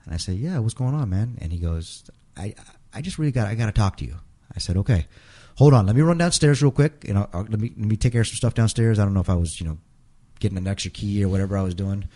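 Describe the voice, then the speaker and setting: A man's voice: on the low side, expressive, quick pace, warm tone. A man telling a long personal story in a casual interview, rambling and restarting and quoting others in his own voice. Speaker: interview guest.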